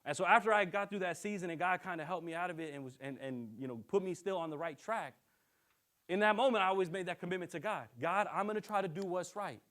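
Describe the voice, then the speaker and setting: A young man preaching a sermon as a minister, telling a personal story in an animated way, acting out the people he quotes and tagging lines with "right?". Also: high-pitched, fast talker.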